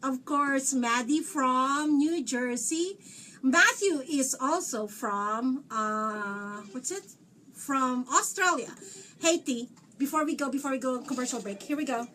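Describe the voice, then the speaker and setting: Brief: high-pitched, bubbly middle-aged woman talk show host, jokey and quick to laugh; set back from the mic with faint noise behind. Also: sharp tone, distant mic. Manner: bubbly, joking, laughs often. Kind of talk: live chat show interview.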